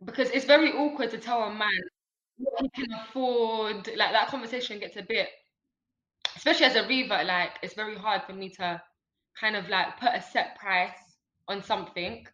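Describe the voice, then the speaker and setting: A woman's voice: medium pitch, moderate pace, fairly bright tone. A young woman speaking as a guest on a casual podcast, hesitant and careful in her words. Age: young adult. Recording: roomy, dull-sounding recording.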